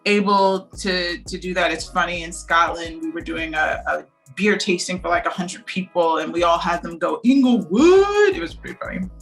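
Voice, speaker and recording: A woman's voice: fairly low pitch, normal speed, few pauses, faint music behind, low-quality recording. A woman co-founder of a beer brand, talking candidly in a casual interview. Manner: candid, animated storytelling. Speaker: brewery co-founder.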